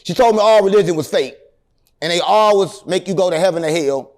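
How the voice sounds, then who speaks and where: High-voiced man telling rambling stories. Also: fairly quick. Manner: animated, rambling, deadpan joking. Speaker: interview guest. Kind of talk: rambling storytelling in casual interview.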